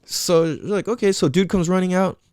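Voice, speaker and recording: A man's voice: high voice, fairly quick, a little mellow, smooth, dry recording, clean studio sound. A man hosting a podcast, telling a story casually and swearing a lot. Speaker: podcast host.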